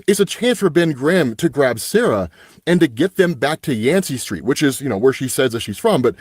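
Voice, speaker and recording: Animated young man recapping a comic. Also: mid-range voice, brisk, breathy edge, no echo, clean studio sound. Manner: animated storyteller, paraphrasing characters' dialogue with "right?" asides. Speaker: comic book channel host. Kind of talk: casual comic book recap.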